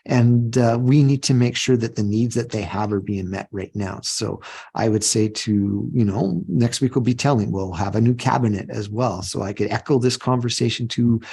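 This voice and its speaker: A man's voice: mid-range voice, moderate pace, gravelly, dark tone, husky. A middle-aged man, a union president, talking earnestly in a podcast interview and often repeating words as he thinks. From Canada.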